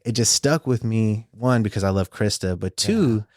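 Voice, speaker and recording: A man's voice: lowish voice, normal speed, dry recording. Earnest man telling stories, dry sound. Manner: earnest, energetic, frequent fillers and restarts. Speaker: guest advocate. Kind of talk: casual interview storytelling.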